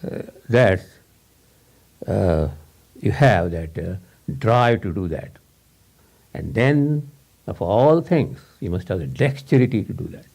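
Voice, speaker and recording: Low gravelly man. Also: warm tone. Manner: rambling, repeats words, laughs often. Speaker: speaker giving a talk. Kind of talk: informal lecture to a small audience. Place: room with a small audience.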